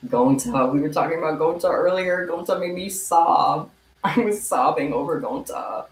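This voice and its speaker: A young woman streams from a room at home while making kandi bracelets, chatting casually and meowing at her cat. Her voice is deep and moderately paced, and the echoey recording carries faint ambience plus a little hiss or hum.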